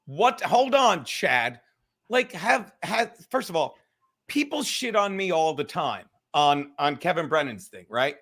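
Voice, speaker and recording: A man's voice: on the high side, very animated, measured pace, fairly bright tone. A man hosting a livestream, profane, rambling and fired-up. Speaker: livestream host. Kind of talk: livestream chat.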